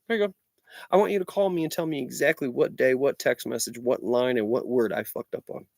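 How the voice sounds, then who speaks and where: A man's voice: mid-range voice, fast talker, gravelly, dry recording. A middle-aged man telling a story in a blunt, sweary, sarcastic rant to his vlog audience. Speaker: vlogger. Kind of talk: profane ranting storytelling.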